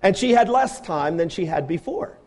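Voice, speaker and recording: A man with a notably high voice delivers a sermon. He presses his listeners with rhetorical questions, rising to loud appeals and then dropping to quiet, low asides. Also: expressive, normal speed. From grew up on a farm. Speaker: preacher.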